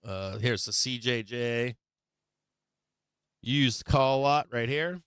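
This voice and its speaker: A man hosting a market live stream, talking through his charts with blunt, profane remarks and frequent restarts. His voice is bright and smooth but wearing thin. It is close-miked and dry, with no room sound. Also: medium pitch, slow pace, no room sound. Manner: blunt, swears, many restarts. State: losing his voice.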